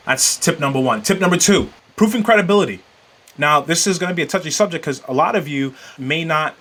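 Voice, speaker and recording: A man's voice: a little high, a bit bright. A man hosting a podcast, giving marketing advice in an emphatic, coaching way with many fillers. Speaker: podcast host.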